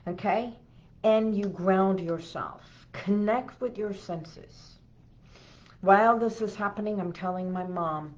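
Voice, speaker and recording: A woman's voice: medium pitch, slow pace, highs cut off. A middle-aged woman hypnotherapist gives a self-help talk, telling a personal story and often checking in with the listener with an "okay?".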